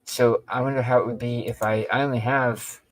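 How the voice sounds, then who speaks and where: A man's voice: medium pitch, fairly even intonation, a little fast, low-quality recording. A man on a live call, asking for help with his stream setup and checking each step as he goes. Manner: tentative, asks follow-up questions and checks what he heard. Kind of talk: casual question-and-answer chat.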